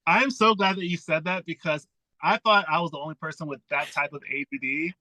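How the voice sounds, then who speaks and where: A man's voice: a little high, steady tone, a little fast, pushed and bright, no room sound, low-quality recording. A man, a comedian, chatting casually about writing his sets, acting out his own thoughts as he talks.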